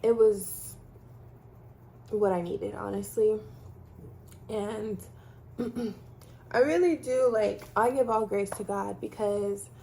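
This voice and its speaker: A woman's voice: medium pitch, slow, gravelly, pauses often, mellow, slight background noise. A woman from Texas telling her own story casually to camera, chatty, with many fillers like "like" and "um". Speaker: vlogger sharing her story.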